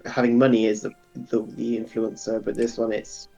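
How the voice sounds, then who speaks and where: A man as game master of a tabletop game, explaining lore with frequent ums and pauses. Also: mid-range voice, little pitch movement, mellow, highs cut off, faint music behind.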